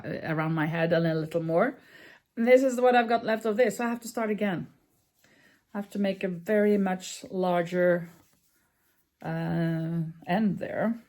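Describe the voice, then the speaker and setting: A woman's voice: medium pitch, mellow. Chatty woman thinking aloud while crafting. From Norway. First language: Norwegian. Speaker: crochet vlogger. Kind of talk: casual crafting vlog.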